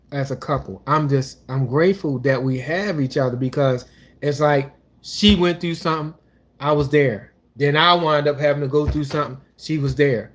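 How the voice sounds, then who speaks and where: A man's voice: on the high side, fairly bright tone. A man co-hosting a couples channel, talking casually and rambling about his life, with restarts and religious asides. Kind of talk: casual personal talk.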